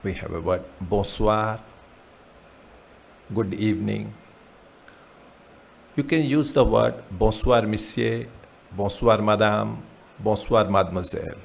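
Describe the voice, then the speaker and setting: A man teaching a beginner French lesson, repeating each word slowly with its meaning. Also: fairly low pitch, creaky, a little hiss or hum. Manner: slow, repeats words with translations. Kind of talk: slow beginner language lesson.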